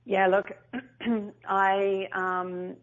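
A woman's voice: medium pitch, drawn-out words. Middle-aged woman, earnest storyteller, interview guest, muffled lo-fi recording. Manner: earnest, animated storyteller with restarts. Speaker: guest, company founder. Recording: muffled lo-fi sound.

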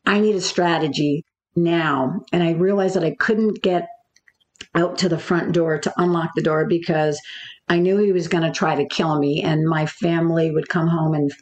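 A woman, a business coach, telling an interviewer a personal story in a halting way, full of fillers and restarts. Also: deep voice, fairly even intonation, a little mellow.

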